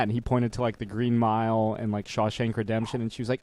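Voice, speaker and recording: Relaxed, rambling man host. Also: medium pitch, quick pace, few pauses, no echo. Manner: relaxed, rambling, chuckling storyteller. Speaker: show host. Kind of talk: casual interview chat.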